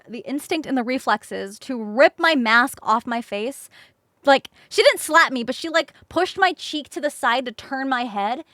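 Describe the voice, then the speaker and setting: A woman streamer telling a story in casual chat, expressive, swearing casually and acting out the people she quotes. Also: on the high side, dry recording, clean studio sound. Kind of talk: casual storytelling while crafting.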